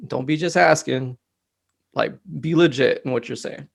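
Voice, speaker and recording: A man speaking as a mental health technician guest in a relaxed interview, telling stories with lots of fillers. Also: medium pitch, normal speed, gravelly. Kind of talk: casual conversational interview.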